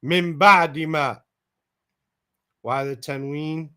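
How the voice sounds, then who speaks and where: A man's voice: fairly high pitch, fairly even intonation, sharp tone, smooth. A man teaching a Quran lesson. He reads each Arabic phrase and then translates it word by word in English, stopping now and then to correct himself or check a point of grammar. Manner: pauses to self-correct and check grammar aloud.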